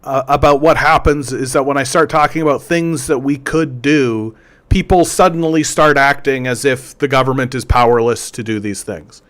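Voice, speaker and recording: A man's voice: mid-range voice, moderate pace, fairly bright tone. A man hosting a political commentary show, ranting sarcastically and stumbling over repeated words. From Canada.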